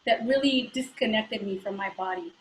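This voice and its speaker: A woman's voice: mid-range voice, roomy sound, a little hiss or hum, low-quality recording. A woman from the Bay Area, an actor and voice teacher, talking earnestly and thoughtfully as a guest in a casual live interview over a video call. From San Francisco Bay Area. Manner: earnest, reflective, with filler pauses.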